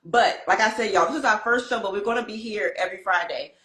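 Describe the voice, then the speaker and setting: A woman co-hosting a casual chat about trading and faith, talking excitedly and preaching a little. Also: medium pitch, fast talker. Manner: excited, preachy, African American Vernacular English phrasing. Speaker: co-host. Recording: roomy echo.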